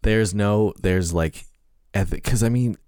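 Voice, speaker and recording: Deep-voiced man chatting loosely. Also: a little slow, darkish tone, smooth, no room sound, clean studio sound. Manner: hesitant, many fillers and restarts. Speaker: podcast co-host. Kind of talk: casual chat.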